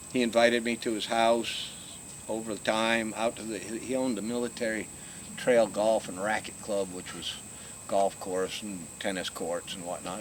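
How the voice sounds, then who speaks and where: Older man, laid-back profane storyteller. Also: fairly low pitch. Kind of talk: casual storytelling. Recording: noisy outdoor recording with crickets.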